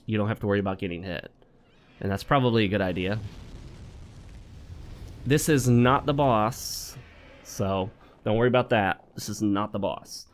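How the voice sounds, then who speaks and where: A man's voice: on the low side, normal speed, pauses often. A man hosting a gaming channel, chatting wryly through a let's play and mixing in advice talk with joking asides. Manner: chatty and wry, joking asides while playing.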